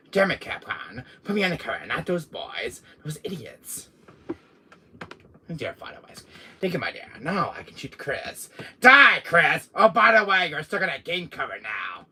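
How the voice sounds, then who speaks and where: A man's voice: fairly high pitch, sing-song, normal speed, bright, forceful tone, husky, exaggerated voice. A man playing a vain, menacing male game villain who boasts, curses and slips into whispers during a live stream. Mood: gloating. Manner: boastful, cursing, drops into whispers. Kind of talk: in-character live stream, toy pick-up.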